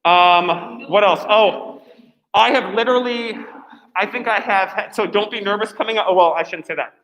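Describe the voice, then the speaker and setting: Man teaching, high voice, chatty and encouraging, echoey classroom. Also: moderate pace, fairly bright tone. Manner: chatty, encouraging, filler-heavy. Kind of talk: classroom instructions.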